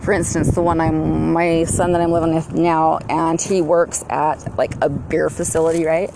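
A middle-aged American woman talks in a low, gravelly voice, wandering from thought to thought with plenty of ums and restarts. A faint hum of vehicle and outdoor noise sits behind her. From United States. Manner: rambling, meandering, with many fillers and restarts. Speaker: vlogger. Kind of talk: rambling personal monologue.

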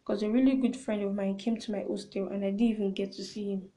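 A young woman with a soft, mellow voice hosts a casual storytime podcast. She talks in an expressive, chatty way and often lowers her voice for confiding asides. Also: fast talker, poor audio. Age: young adult. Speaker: podcast host.

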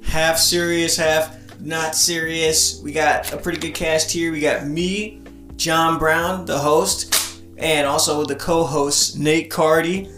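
Brief: male podcast host, laid-back, slightly high voice, echoey room with faint music. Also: steady tone, slow pace, fairly bright tone. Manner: laid-back, laughs a lot. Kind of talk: casual podcast chat.

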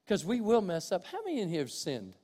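Older male pastor, high voice, sermon delivery that shifts between loud preaching and soft asides. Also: wildly swooping pitch, fairly quick. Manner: swings from loud preaching to quiet, conversational asides. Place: church sanctuary with congregation. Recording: long hall reverb.

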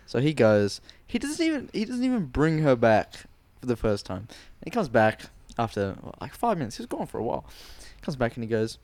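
A man co-hosting a podcast, telling a story in a casual, animated way, swearing a lot and acting out quotes. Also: medium pitch, a little fast, few pauses. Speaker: podcast co-host.

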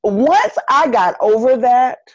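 A woman's voice: a little high, animated, slow, no echo, dull audio. A middle-aged woman with a Southern North Carolina accent, talking earnestly as a podcast guest and repeating phrases for emphasis. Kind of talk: casual interview conversation.

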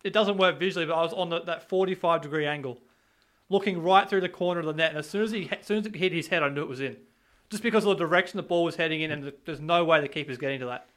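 Man, rapid-fire excitable speech, slightly high voice, casual football chat. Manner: quick, excitable, interrupts.

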